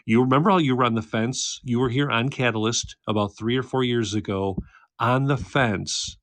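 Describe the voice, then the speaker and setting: An American man in his thirties hosts a casual livestream chat at home, indoors by a candle, reading viewer comments, teasing, and laughing often. His mid-range voice moves at normal speed, with no echo.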